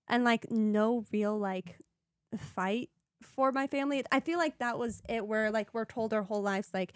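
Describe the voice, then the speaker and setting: A woman's voice: fairly high pitch, measured pace, clean tone, no echo, clean studio sound. A young woman guest on a podcast, telling her own story in a casual, earnest, rambling way, full of "like" and "you know". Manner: earnest, rambling, heavy use of "like". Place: podcast studio.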